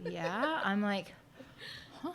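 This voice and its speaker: A woman guest on a podcast, telling animated stories in a casual chat and laughing often. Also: medium pitch, extremely slow, vocal fry, a little hiss or hum.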